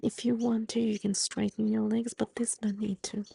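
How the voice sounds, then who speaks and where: An Australian woman teaching mindfulness, calmly guiding slow breathing and gentle movement. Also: a little high, gravelly, slightly rough, no echo. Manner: calm, slow, gently instructive. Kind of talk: guided movement and breathing instruction.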